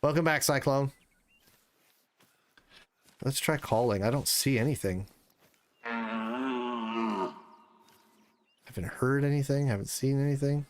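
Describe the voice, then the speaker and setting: A man's voice: mid-range voice, slow pace, long pauses. A man in his thirties streaming a hunting game, chatting casually with his viewers and swearing when the game frustrates him. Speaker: livestreamer. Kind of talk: casual livestream chat while gaming.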